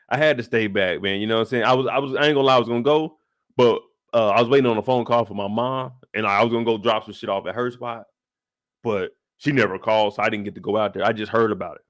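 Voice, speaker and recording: Animated man telling a profane story. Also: lowish voice, fast, dry recording. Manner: animated, profane storytelling with sound effects and acted-out voices. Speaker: show host. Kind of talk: live after-show recap.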